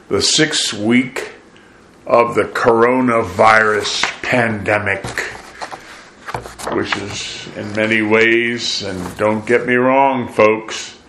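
A man with a fairly low voice and an unhurried, drawn-out delivery, preaching to his listeners. He sings scripture lines and talks through his message. The sound is roomy and echoey. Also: fairly bright tone. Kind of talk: sung worship then sermon.

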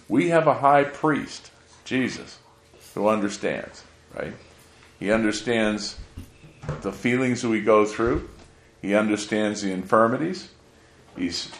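With a fairly low pitch and a reverberant sound, a man delivers a sermon as pastor, repeatedly asking his listeners rhetorical questions.

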